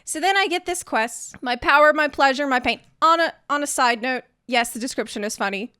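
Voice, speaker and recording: Sarcastic high-voiced woman ranting. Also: fairly quick, bright, forceful tone, dry recording, studio quality. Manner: sarcastic, indignant, theatrical. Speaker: gaming video host. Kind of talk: ranting game commentary.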